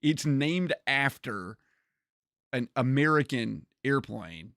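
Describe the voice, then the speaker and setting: A man chatting casually on a gaming livestream, animated, often repeating words and laughing. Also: medium pitch, takes it slowly, dry recording, studio quality.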